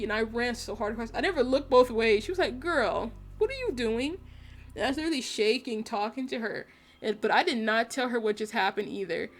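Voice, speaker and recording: A woman's voice: a little high, a bit bright. A woman vlogger telling a personal story in casual chat, full of "like" fillers. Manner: chatty, lots of "like" fillers and laughs.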